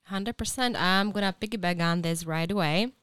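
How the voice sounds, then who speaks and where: A woman's voice: lowish voice, normal speed, clear, resonant tone, no echo. A woman on a podcast speaking earnestly in praise of someone, then teasing with laughter. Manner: earnest and warm, rising into loud laughing teasing. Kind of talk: casual heartfelt chat.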